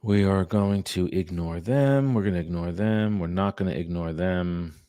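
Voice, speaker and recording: A man's voice: deep voice, moderate pace, mellow, clean tone, no echo. A man, a real estate agent chatting casually on a livestream between cold calls. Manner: casual, rambling, talks to viewers between calls. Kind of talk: casual livestream chat while cold calling. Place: his home studio.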